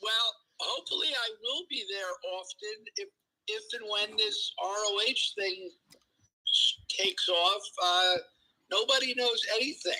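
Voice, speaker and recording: A man calling into a live stream over a video call from a restaurant, telling stories in an excitable, stumbling way and laughing as he talks. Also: high voice, a little slow, low-quality recording. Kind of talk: casual chat.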